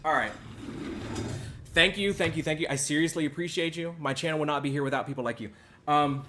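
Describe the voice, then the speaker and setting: Male reaction host, sharp bright voice, ironic over-the-top apologies, stammers and jumps between shouting and mumbling. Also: on the high side, brisk, a little hiss or hum. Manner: mock-apologetic, stammering, swings between loud and hushed. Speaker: channel host reacting to clips. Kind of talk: sarcastic reaction commentary.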